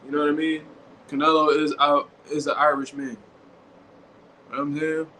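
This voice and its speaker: A man hosting a casual commentary show, talking in animated slang. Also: on the high side, a little fast. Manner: animated, slangy, acts out quotes. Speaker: boxing show host. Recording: echoey room with faint background noise.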